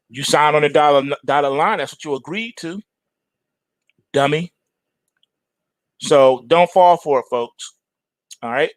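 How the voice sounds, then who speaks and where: A man hosting a casual stock market show, ranting in animated, slangy asides. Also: fairly high pitch, no echo.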